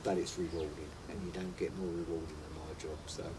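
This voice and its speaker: A man's voice: extremely low pitch, level tone, brisk. A man working as a foster carer, talking earnestly and telling a story in a casual interview. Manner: earnest, storytelling, repeats himself. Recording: distant mic, noisy background.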